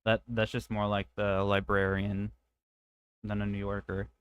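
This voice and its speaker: A man hosting a game stream talks in a low, crisp, bright voice. He chats casually and stops to think between phrases. The close mic sounds dry and intimate. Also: monotone, a little slow, no room sound, lo-fi sound. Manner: hesitant, critiques voice acting. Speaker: streamer host. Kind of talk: casual chat while gaming.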